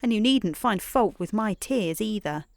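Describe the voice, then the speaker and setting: A woman voicing a tearful little girl in a bedtime story, speaking in a high, plaintive voice. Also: animated, unhurried, creaky, dry recording, studio quality. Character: tearful little girl who cries constantly.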